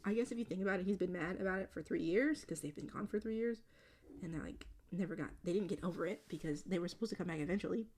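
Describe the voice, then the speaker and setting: A young woman vlogger chatting casually and rambling, with lots of filler words, frequent laughs and occasional dips into a soft whisper. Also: lowish voice, fast talker, slight background noise. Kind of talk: casual chat while drawing.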